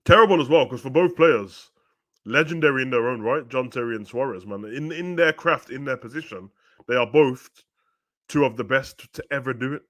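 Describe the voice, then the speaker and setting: A young man talks over a live football match, loose and slangy in his asides. When the play heats up he gets loud and excited, calling the action at a mid-pitched level. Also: fairly quick. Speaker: watch-along host. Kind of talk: live football watch-along commentary.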